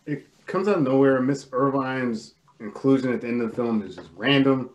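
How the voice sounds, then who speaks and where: Brief: man, mid-pitched, relaxed co-host voice, hedges with fillers. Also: normal speed, lo-fi sound. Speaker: podcast co-host. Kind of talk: casual film discussion.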